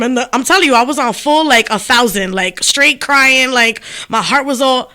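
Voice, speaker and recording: Bright, high-voiced woman co-host, animated and laughing through a story. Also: normal speed. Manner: animated, laughs often, slangy New York street talk. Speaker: podcast co-host. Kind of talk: casual storytelling chat.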